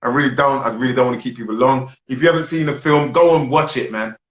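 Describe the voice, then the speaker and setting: A man's voice: medium pitch, fast, a bit bright, echoey room, dull audio. A man hosting a casual live chat over a video call, exuberant and prone to repeating himself. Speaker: host.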